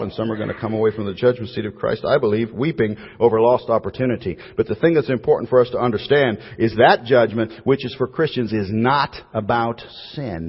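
A man's voice: lowish voice, breathy edge. Preaching man in an echoey hall. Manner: emphatic preaching with repeated phrases trailing off softly. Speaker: pastor. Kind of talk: sermon. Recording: dull, echoey church hall.

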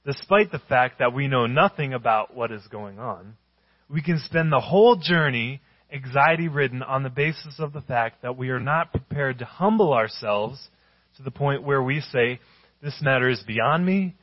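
A man preaching a sermon, telling stories and slowing down to stress key phrases. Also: mid-range voice, dry recording, lo-fi sound. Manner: storytelling with emphatic, slowed-down phrases. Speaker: pastor.

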